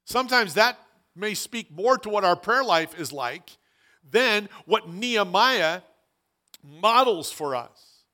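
A man's voice: high-pitched, lively intonation, slow, pushed and bright. A man preaching a sermon as pastor, earnest and emphatic, often repeating phrases for weight.

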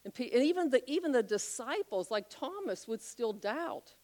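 A woman preaching a sermon, telling a Bible story with animated, acted-out voices. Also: a little high, normal speed. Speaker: pastor.

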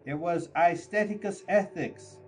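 Man reading a story aloud, slow and measured, kinda high voice, faint music behind. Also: a little mellow, poor audio. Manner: measured, mock-grand storytelling. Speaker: audiobook narrator. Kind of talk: scripted narration.

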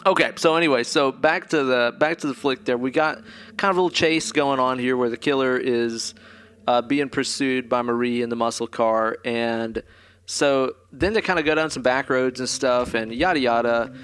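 A man's voice: mid-range voice, normal speed, fairly bright tone, clear, resonant tone. A man casually recapping a horror film on a podcast, rambling and swearing freely. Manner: profane, rambling storyteller. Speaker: podcast co-host. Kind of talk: casual movie recap chat.

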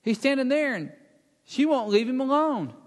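A preacher with a fairly high voice retells scripture as drama in his sermon, speaking at normal speed in a sing-song way. He acts out the story's speakers and sinks to a hush to stress points, his voice ringing with a large hall's long reverb.

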